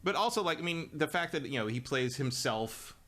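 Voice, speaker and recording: Co-host, man in his thirties, bright tone, lively anecdotal delivery. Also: fairly high pitch, a little fast. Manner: animated storyteller, swears, laughs often. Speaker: podcast co-host. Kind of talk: casual chat.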